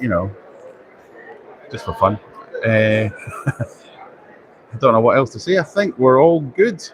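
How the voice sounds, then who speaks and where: A man hosting a casual live walkaround at a busy indoor trade show, chatty and self-deprecating, thinking aloud as he goes. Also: medium pitch. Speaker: livestream host. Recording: noisy exhibition hall ambience. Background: crowd chatter and hall noise.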